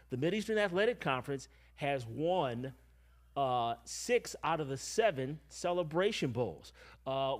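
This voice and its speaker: A man on a sports commentary stream, talking casually and laying out team records and background. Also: on the high side. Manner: measured, explains with stats and history. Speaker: football commentator.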